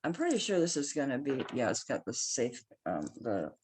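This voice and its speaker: Southern woman, home jewelry seller; deep voice that swings around, chatty and self-mocking. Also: big pitch swings, darkish tone, breathy edge, rough recording. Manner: chatty, impatient, quick to laugh at herself. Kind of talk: casual selling vlog.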